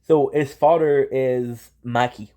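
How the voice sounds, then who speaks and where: A young man hosting his channel, excitedly recapping an anime in casual slang, with lots of restarts and swearing. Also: medium pitch, slow. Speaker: channel host.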